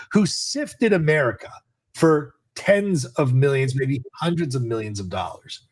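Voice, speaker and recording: A man's voice: a little high, very animated, a little slow. A middle-aged man hosting a podcast, ranting indignantly in political commentary. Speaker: podcast host.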